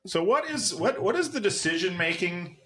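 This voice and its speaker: A man's voice: high voice, very animated, normal speed, sharp tone. A man co-hosting a podcast in a casual, joking way, asking the guest questions and laughing often. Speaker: podcast co-host.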